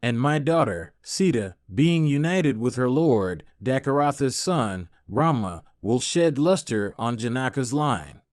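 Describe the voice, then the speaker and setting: A man's voice: medium pitch, expressive, a little slow, hardly any pauses, a little mellow, no echo, clean studio sound, close to an everyday voice. A man voicing a courtly, grateful king in formal, archaic speech within an audiobook. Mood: courteous.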